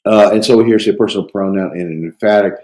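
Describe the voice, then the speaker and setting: A man with a low, mellow voice works through a grammar lesson while he has a cold. He pauses often, fills gaps with hesitant fillers and thinks aloud as he explains. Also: poor audio. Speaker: Greek instructor. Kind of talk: lecture reviewing grammar.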